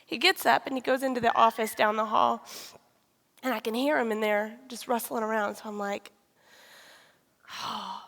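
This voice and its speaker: A woman tells a confessional personal testimony, often pausing and restarting. Her voice sits a little high and has a gravelly edge. The long reverb of a large hall trails behind her. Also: fairly even intonation, a bit bright. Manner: candid and confessional, with frequent pauses and restarts. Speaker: speaker sharing a personal testimony.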